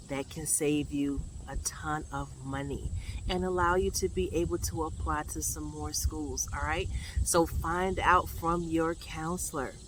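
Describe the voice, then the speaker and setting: A woman school counselor speaking in a whispered role-play, hushed and confiding as she shares a tip. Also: deep voice, a little hiss or hum.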